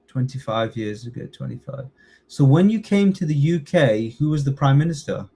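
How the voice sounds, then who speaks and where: A man's voice: mid-range voice, expressive, moderate pace, gravelly, dark tone, husky. A man teaching a live online citizenship test class, quizzing students and checking in often with "yeah?". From United Kingdom. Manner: encouraging, chatty, frequent "yeah?" check-ins.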